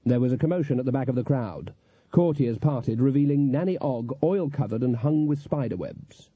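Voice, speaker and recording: A man narrating a story in an even, measured storytelling voice. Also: mid-range voice, husky, no room sound. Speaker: audiobook narrator. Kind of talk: scripted narration. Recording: dull, dry lo-fi recording.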